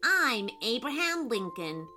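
A woman's voice: on the high side, sing-song, takes it slowly, sharp tone, soft background music, exaggerated voice. Woman doing a folksy frontier boy. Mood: puzzled. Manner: folksy hollering drawl. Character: young frontier boy, bare feet, folksy and curious.

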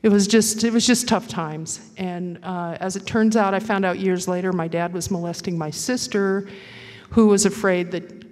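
A woman giving a halting, reflective personal testimony at a recovery meeting, with many pauses and fillers. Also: fairly low pitch, darkish tone, long reverb tail.

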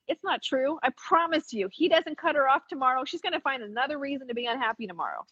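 A woman's voice: high-pitched, animated, fast, hardly any pauses, bright, forceful tone, dry recording. A woman explaining a forgiveness practice in casual podcast chat, earnest and frank, swearing now and then. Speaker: spiritual teacher. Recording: dull lo-fi recording.

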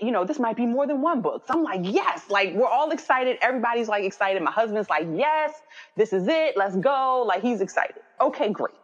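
A woman in her thirties tells a personal story in an easy, chatty way. When she quotes herself and others her voice jumps high and gets expressive. The audio is muffled, with a long reverb tail. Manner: animated, quoting herself with high-pitched voices. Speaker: guest. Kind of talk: casual storytelling.

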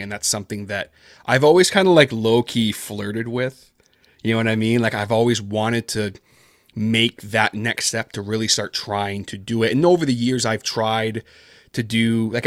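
This man, a horror narrator guesting on a podcast, has a fairly low, slightly bright voice. He chats loosely in the interview, rambling with lots of fillers and making jokes at his own expense, on a dry studio-quality recording.

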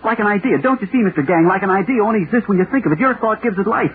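A man's voice: mid-range voice, very animated, normal speed, lightly acted. An actor playing a feverish, haunted male author in 1930s radio horror acting, tinny and hissy. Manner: feverish, pleading, rising to panic. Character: frantic male author haunted by his creation. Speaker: lead actor.

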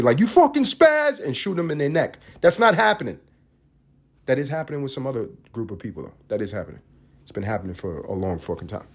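Husky man ranting on a podcast. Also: medium pitch. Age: adult parent. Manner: profane, heated, sarcastic ranting. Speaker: podcast host. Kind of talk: ranting solo podcast commentary.

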